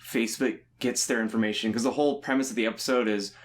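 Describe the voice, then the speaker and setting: A man's voice: mid-range voice, fairly even intonation, quick pace. A young man co-hosting a podcast, chatting casually and rambling with frequent laughter. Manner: rambling, laughs often, loose and joking. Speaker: podcast co-host. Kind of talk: casual chat.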